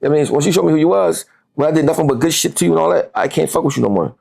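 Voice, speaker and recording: A man's voice: fairly high pitch, rapid-fire, gravelly, a little mellow, husky. A man, a guest on a podcast interview, talking heatedly and profanely and repeating words as he gets worked up.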